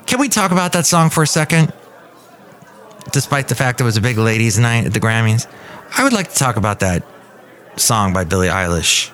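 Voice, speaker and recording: A man hosting a casual solo podcast, commenting on music news in a rambling, opinionated way and reading quotes with lively swings. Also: medium pitch, brisk, pauses often. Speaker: podcast host.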